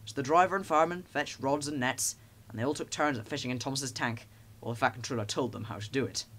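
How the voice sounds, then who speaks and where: A man narrating a children's storybook in a lively, expressive way. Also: medium pitch, fast talker. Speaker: audiobook narrator.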